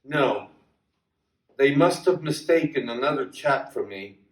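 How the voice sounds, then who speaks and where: A quiet, resigned young man, scarred and wounded, speaks in soft subdued tones, as a man reading a story voices him. The delivery is slow. The sound is roomy and distant from the mic. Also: mid-range voice, lively intonation, lightly acted.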